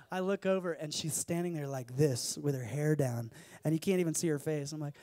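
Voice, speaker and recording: A man with a slightly fast voice on the high side speaks from a conference stage. His talk is full of funny stories at his own expense, told in an animated, self-deprecating style.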